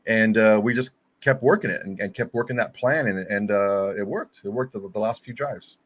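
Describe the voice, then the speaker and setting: A man's voice: lowish voice, moderate pace. A man co-hosting a casual fan sports podcast over a video call, rambling with restarts and fillers. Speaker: podcast co-host.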